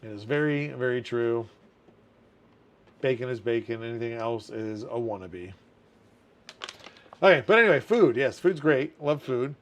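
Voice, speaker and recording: A man's voice: medium pitch, animated, unhurried, long pauses. Guy hosting a stream, mid voice, chatty, laughs a lot reading comments out. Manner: chatty, reads viewer comments aloud and laughs often. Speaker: community manager hosting a livestream. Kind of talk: casual livestream chat.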